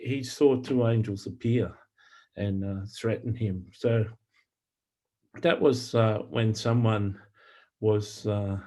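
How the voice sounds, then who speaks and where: Man, low voice, mellow dark tone, halting testimony storytelling, lots of fillers and restarts, earnest. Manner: halting, many fillers and repeated words. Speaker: Christian author and prophetic minister. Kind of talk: personal testimony storytelling to camera.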